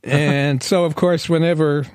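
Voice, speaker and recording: A man's voice: on the high side, steady tone, unhurried, a little mellow, clear, resonant tone, dry recording, studio quality. Chatty man from Los Angeles. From Los Angeles, USA. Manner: chatty storyteller who laughs often. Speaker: podcast co-host. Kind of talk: casual podcast chat.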